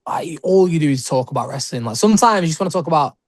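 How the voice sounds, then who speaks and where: A man's voice: on the high side, lively intonation, no echo. A young British man, a wrestler, chatting casually in an interview, rambling with lots of "like" and short laughs. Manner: rambling, heavy use of "like", quick laughs. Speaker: guest wrestler.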